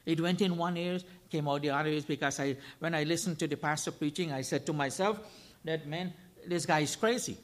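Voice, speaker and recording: A man's voice: a little high, steady tone, fairly quick. A man preaching a sermon as a guest speaker, emphatic, repeating key phrases and asking rhetorical questions.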